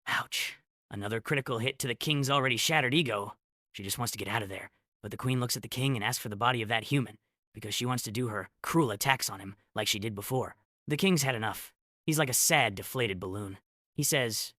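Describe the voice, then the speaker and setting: A man's voice: medium pitch, brisk, sharp tone, no echo, studio quality. A man narrating a comic story recap with sarcastic asides.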